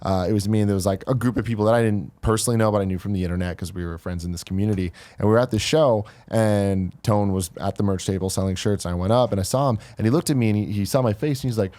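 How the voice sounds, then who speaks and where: A man's voice: lowish voice, very fast, hardly any pauses, dark tone. A man co-hosting a podcast in casual chat, telling stories and acting out what people said. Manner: storytelling, acts out quoted voices. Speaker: podcast co-host.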